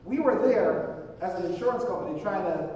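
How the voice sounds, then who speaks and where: A Jamaican pastor delivers a sermon with personal stories, telling them conversationally and acting out the people he quotes. His high voice is lively in intonation, a little fast and darkish, with a slight hiss or hum. The mic sits at a distance in an echoey church auditorium.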